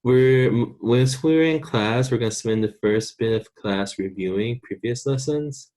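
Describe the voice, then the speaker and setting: A man from the United States teaching a recorded online Spanish lesson, patiently repeating words slowly for students to practice. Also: mid-range voice, darkish tone.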